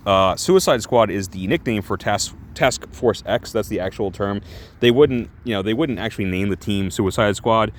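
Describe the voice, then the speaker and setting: A man's voice: lowish voice, slight background noise. A man casually reviewing a comic book in a rambling, crude, chatty way, laughing often and correcting himself as he goes.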